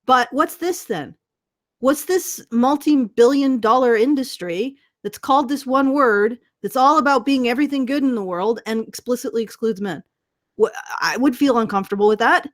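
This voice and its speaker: Woman podcast host, slightly high voice, sarcastic, swears, trips over restarts. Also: moderate pace. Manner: sarcastic, stammering restarts, profane. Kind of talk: casual commentary chat.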